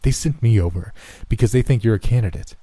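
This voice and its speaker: A man voicing a cold, menacing middle-aged doctor in a horror story reading, sneering and dismissive, often low and hushed. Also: fast, husky, dry recording, lightly acted. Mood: threatening.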